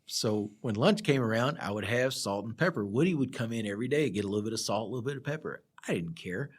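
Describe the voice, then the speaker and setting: This man's voice is husky and on the low side, expressive and quick. He's a middle-aged project surveyor appearing as a podcast guest, casually spinning rambling work stories in a laid-back way and laughing a lot.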